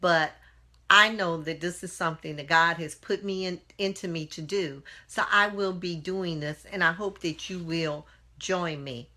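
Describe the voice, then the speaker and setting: A woman's voice: fairly low pitch, unhurried, pushed and bright. A woman speaking as an inspirational speaker on a live stream, earnest and full of rhetorical questions, greeting viewers by name. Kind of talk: motivational talk to live viewers.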